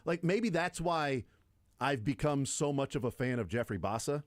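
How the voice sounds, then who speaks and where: A man's voice: mid-range voice, expressive, normal speed, no echo, studio quality. Rambling enthusiastic man on sports radio. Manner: rambling, enthusiastic, fond of nostalgic player picks. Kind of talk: casual sports radio banter.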